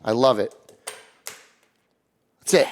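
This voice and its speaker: A man's voice: mid-range voice, slow pace. A man co-hosting a barbecue podcast with goofy, laughing banter. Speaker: podcast co-host.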